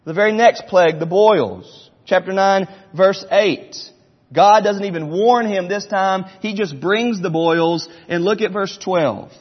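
Delivering a repetitive, forceful sermon, a middle-aged pastor performs the voices of those he quotes. He speaks a little slowly in a voice that sits high, heard through dull audio with long reverb from the church sanctuary.

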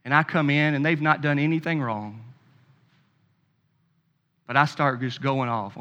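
Pastor guy preaching, high voice, lots of long church echo, fired up then chatty. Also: takes it slowly, pauses often, sharp tone. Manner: emphatic, impassioned preaching with conversational asides. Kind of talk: sermon.

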